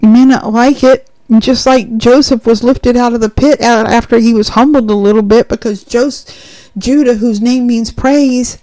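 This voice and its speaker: A woman preaching in an earnest, direct way. Her voice sits a little high for a woman. She talks straight to her listeners throughout. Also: fairly even intonation, normal speed, warm tone, low-quality recording. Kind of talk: sermon.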